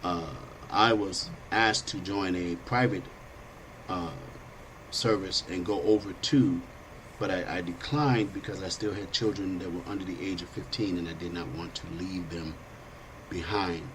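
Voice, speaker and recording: A middle-aged man with a lowish voice hosts a political talk show. He talks bluntly and rambles in a loose, conversational way. There is a faint hiss of noise behind him. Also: fairly even intonation, unhurried, fairly bright tone, poor audio. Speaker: host.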